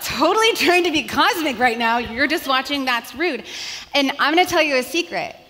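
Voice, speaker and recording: A woman, a pastor's wife, telling a funny story to a church audience in an animated, chatty way, full of "like" and "you guys.". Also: sits high, normal speed, background noise. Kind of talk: humorous storytelling talk to an audience. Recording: long hall reverb.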